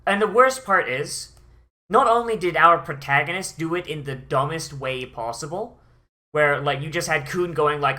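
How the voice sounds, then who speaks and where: Brief: bright-toned anime reviewer, profane, fed up, heavy sighs. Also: mid-range voice, measured pace. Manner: profane, exasperated, sighing. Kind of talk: ranting watch-along commentary.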